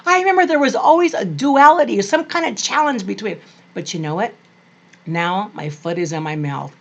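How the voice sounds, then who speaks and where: An older woman vlogging about being a grandmother, telling family stories in a gushing, animated way. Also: medium pitch, moderate pace, vocal fry. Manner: animated, gushing, acts out quoted family voices. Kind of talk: personal storytelling to camera.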